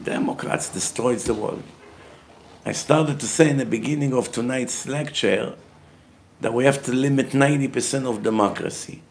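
A man's voice: medium pitch, normal speed, vocal fry, slight background noise. A man giving a heated religious lecture as a rabbi, emphatic and blunt, asking questions and answering them himself. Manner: emphatic, grows loud and forceful when making a point.

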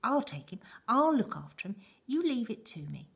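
A woman reading aloud and voicing an overjoyed old grandfather who shouts with excitement, in a husky voice. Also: fairly high pitch, normal speed, voice pushed up, exaggerated voice. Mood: excited. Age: older.

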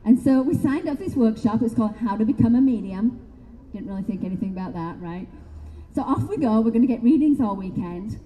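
A middle-aged woman speaking to a live expo audience, telling her story in a chatty, animated way and often checking in with "right?". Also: fairly high pitch, long reverb tail. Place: expo hall talk.

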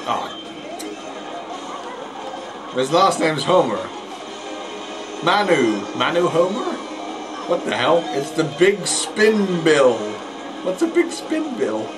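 Here a man provides casual let's play commentary on an online racing game, mocking his own errors and tripping over his words as game music plays. His voice sits at medium pitch, captured in a low-quality recording.

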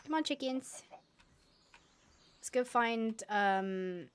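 A woman's voice: fairly high pitch, extremely slow, clean tone. A woman streaming a game live, chatting and mocking herself as she talks to her animals. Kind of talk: live gameplay commentary.

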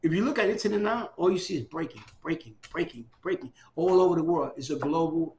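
A man in his fifties in an oral history interview, talking in an excitable, repetitive way and giving out many shout-outs. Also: a little high, fast talker. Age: 50s.

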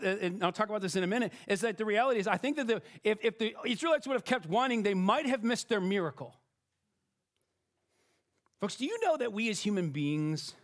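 A man in middle age delivers a sermon from the pulpit, talking to the congregation like friends and tossing in "right?" as he goes. His voice sits high for a man and moves a lot in pitch. He restarts sentences often, laughing at his own faults. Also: fairly bright tone. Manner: conversational, self-deprecating, frequent restarts and "right?". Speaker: pastor.

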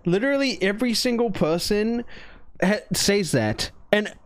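Male streamer, high and very lively voice, rambling, crude, excitable delivery. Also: normal speed, no room sound. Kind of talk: live-stream chat.

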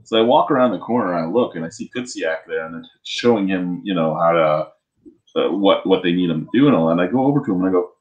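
A man with a fairly low voice chats loosely on a podcast. He rambles through stories, swears freely and restarts his sentences often. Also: lively intonation, fast talker, darkish tone, highs cut off. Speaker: podcast co-host. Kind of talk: casual chat.

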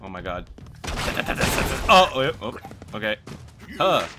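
Let's-play host, male, slow and lively, jumps from mutters to loud exclamations, game music and gunfire underneath. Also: fairly low pitch. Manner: excitable, exclaims often, mutters between outbursts. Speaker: gaming video host.

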